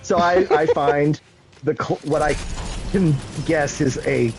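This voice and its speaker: A man's voice: fairly high pitch, slow pace, music in the background, low-quality recording. A man in his thirties telling a self-deprecating story on a live stream, full of fillers and restarts. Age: 30s. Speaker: gaming streamer.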